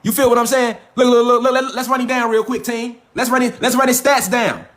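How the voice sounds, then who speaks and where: Fast-talking, high-voiced man ranting. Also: steady tone, fairly bright tone. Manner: profane, emphatic, repeats rhetorical questions. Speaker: online lecturer. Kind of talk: animated livestream rant. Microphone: phone or webcam.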